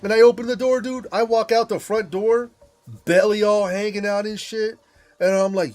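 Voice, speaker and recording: A man's voice: high-pitched, normal speed, a little mellow. A young man casually telling a rambling, profane story while gaming, laughing often and restarting his sentences. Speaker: gamer streaming with friends.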